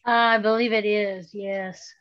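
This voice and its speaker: A woman's voice: mid-range voice, fairly even intonation, takes it slowly, fairly bright tone, no room sound. A woman with a Southern Appalachian accent, co-hosting a casual chat, outspoken and wry about how she talks. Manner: outspoken, wry, switches to a careful presenter voice. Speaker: podcast co-host. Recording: dull lo-fi sound.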